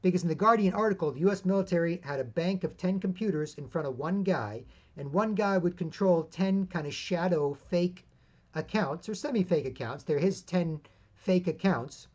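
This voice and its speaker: A man's voice: high voice, moderate pace, a little mellow, lo-fi sound. A man hosting his own independent media show, giving a rambling, emphatic solo commentary full of asides.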